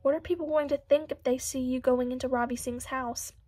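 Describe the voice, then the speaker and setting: A woman's voice: high voice, steady tone, fairly quick, a little mellow, husky. A woman voicing a heartbroken, dramatic teenage girl with a tearful, melodramatic manner. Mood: mopey.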